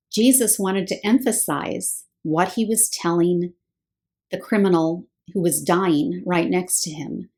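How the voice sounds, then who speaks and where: Low-voiced woman teaching scripture. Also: a little mellow. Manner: explanatory, poses rhetorical questions. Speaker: Bible teacher.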